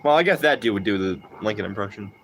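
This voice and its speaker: Young male streamer, very expressive intonation, casual, crude, joking banter with chat. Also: on the low side, fast talker, a little hiss or hum. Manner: animated, profane, jokey, riffs off chat. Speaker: livestreamer. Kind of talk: casual gaming livestream chat.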